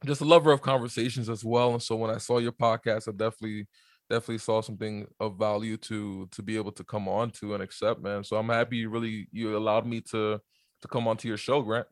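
An easygoing man in his thirties talks casually as a podcast guest. His voice sits fairly low, and he laughs often between relaxed answers. The sound is dry and close. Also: fast talker, dry recording. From New York, USA. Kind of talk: casual interview chat.

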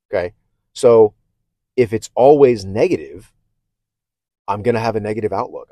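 A man's voice: medium pitch, warm tone, no echo, clean studio sound. A man hosting a casual self-help podcast monologue. He talks candidly and reflectively, with stammered restarts, and keeps checking in with "okay?". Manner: conversational, often checks in with "okay?". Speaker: podcast host.

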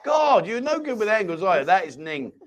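A man's voice: sits high, big pitch swings, fairly quick. A man hosting a casual live-stream chat show from a small home studio, jokey and rambling as he reads out viewer comments. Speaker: host.

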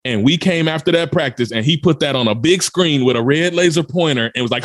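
A man's voice: a little high, brisk, dry recording, clean studio sound. A man from Memphis, telling a story as a podcast guest with urgent, emphatic energy. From Memphis, USA. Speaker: podcast guest, motivational speaker. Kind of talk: dramatic personal storytelling.

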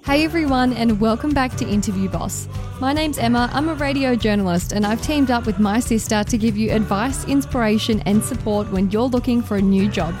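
A woman's voice: on the high side, a little fast, over music. A young Australian woman co-hosting a podcast, chatting in a bubbly, casual way and laughing easily. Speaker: podcast co-host, radio journalist.

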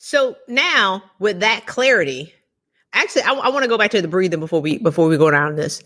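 A woman hosting a podcast interview, laughing often and acting out animated retellings. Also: medium pitch, brisk. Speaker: podcast host. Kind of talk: casual interview chat.

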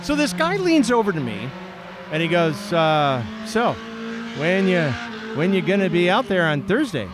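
A man hosting a podcast, chatting casually and telling an animated story, acting out the people he quotes. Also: sits high, moderate pace. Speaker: podcast host. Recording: outdoor recording with clear background noise.

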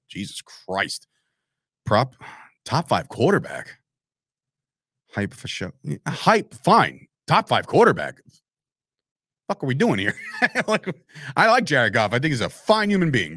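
A man's voice: medium pitch, a bit bright, no room sound, clean studio sound. A man hosting a live sports talk show, rambling through opinions, swearing freely and answering viewers in the live chat. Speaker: podcast host.

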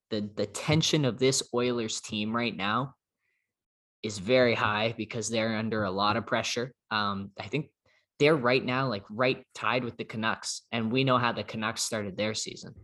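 A man's voice: fairly low pitch, fairly bright tone. A man hosting a casual sports podcast, upbeat and chatty, reading quotes aloud. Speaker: podcast host.

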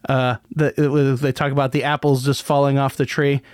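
Male podcast host, sardonic and rambling, smooth resonant tone. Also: mid-range voice, little pitch movement, brisk, darkish tone, no echo, clean studio sound. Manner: rambling, many restarts, sardonic. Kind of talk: casual solo commentary.

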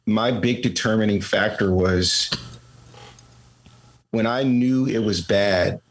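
Brief: man, low and husky, blunt and wry, casual swearing. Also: slow, rough recording. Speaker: service member sharing experience. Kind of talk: candid conversational storytelling.

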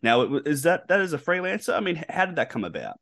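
A man hosting an interview, asking quick questions that stop and restart. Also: on the high side, very animated, gravelly, a bit bright, no room sound, clean studio sound. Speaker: interview host.

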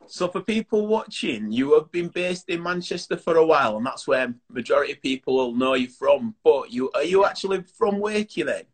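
A man's voice: on the high side, lively intonation, a little fast, hardly any pauses. A man with a Yorkshire accent, hosting a casual podcast interview over a video call in an upbeat, chatty way. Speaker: podcast host.

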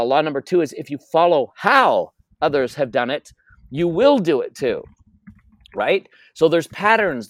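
A man's voice: on the high side, no room sound. Emphatic storytelling man, dry close sound. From North America. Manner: emphatic, storytelling, repeats key phrases. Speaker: interview guest, wealth coach. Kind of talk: energetic interview talk.

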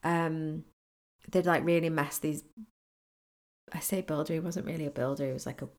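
Woman rambling thru a story on her podcast, lots of um and like, bit low voiced. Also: fairly even intonation, normal speed. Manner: rambling, storytelling with many fillers and restarts. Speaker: manifesting coach. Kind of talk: casual solo podcast talk.

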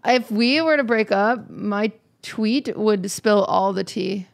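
A woman's voice: mid-range voice, takes it slowly, vocal fry. A young woman hosting a podcast in casual chat, teasing her co-host and laughing often, a little out of it and rambling. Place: studio, seated beside the co-host.

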